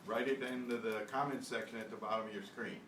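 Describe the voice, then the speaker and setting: A man teaching an online beginner language lesson, repeating words slowly with exaggerated pronunciation. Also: lowish voice, steady tone, a bit bright. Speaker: Spanish teacher. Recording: echoey room, distant mic, faint hiss.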